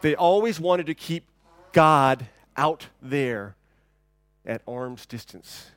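A man preaching a sermon in a relaxed, conversational way, often repeating words as he starts sentences. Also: a little high, slow, no echo. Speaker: pastor. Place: church.

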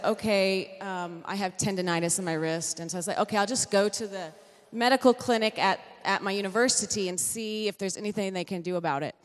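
Chatty woman sharing a church testimony. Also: mid-range voice. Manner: chatty, self-correcting storyteller with light laughs. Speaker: pastor's wife giving a testimony. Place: church hall. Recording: long church-hall reverb.

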